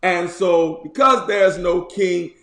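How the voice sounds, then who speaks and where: High-voiced slow preaching bishop, echoey room. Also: male voice, fairly bright tone. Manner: folksy preaching, repeats lines with emphasis. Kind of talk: casual sermon. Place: church.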